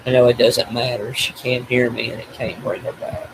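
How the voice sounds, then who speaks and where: Grieving older man, tearful and halting. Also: medium pitch, little pitch movement, background noise. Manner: grief-stricken, self-blaming, halting with restarts. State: crying. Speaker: vlogger. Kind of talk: tearful personal video diary.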